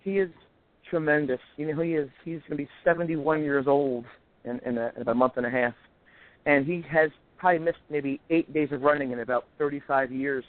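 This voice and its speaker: A man in his forties talks quickly and with energy, pitched a little high for a man. He tells stories as a guest and acts out the voices of the people in them. His voice comes down a tinny phone line with a dry, close sound. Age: 40s. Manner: animated storyteller, acts out quoted voices. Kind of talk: casual chat.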